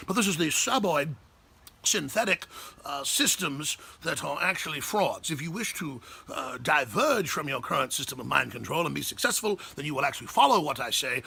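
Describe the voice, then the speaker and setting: A man's voice: a little high, gravelly, sharp tone, breathy edge, full character voice. A man putting on a pompous English accent to play a haughty, lecturing intellectual. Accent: put-on English. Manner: lecturing, haughty, mock-refined.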